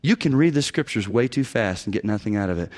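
A middle-aged man teaching a lecture to biblical counselors. He acts out quoted prayers and pleas, swinging from loud and high to hushed and low, and stresses points with repeated phrases. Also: animated, fast talker. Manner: preacherly emphasis with repeated phrases.

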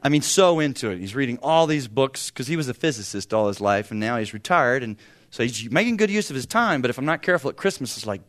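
A man's voice: on the high side, animated, quick pace, fairly bright tone. A man in his fifties preaching a sermon as pastor, talking in a conversational, humorous way with sudden bursts of emphasis. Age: 50s.

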